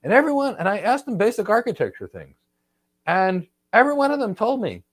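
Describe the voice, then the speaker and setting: Emphatic man with a lively voice. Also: high voice, fast talker, no room sound. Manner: emphatic, repetitive, blunt and opinionated. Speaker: host, career trainer. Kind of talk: live Q&A answering viewer questions.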